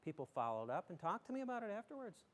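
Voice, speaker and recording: A man's voice: high-pitched, very animated, fast talker. A middle-aged man from western New York, a school superintendent giving a folksy, joking, emphatic talk to a community audience. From southern tier of western New York.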